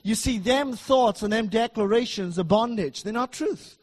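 A middle-aged man preaching a sermon in a church, emphatic and repetitive, swinging between loud declarations and soft asides. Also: high voice, moderate pace.

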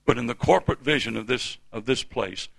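A man's voice: mid-range voice, brisk, creaky, fairly bright tone, husky, no echo. A man in his fifties from the United States preaching a sermon in a church, with emphatic call-and-response delivery. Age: 50s.

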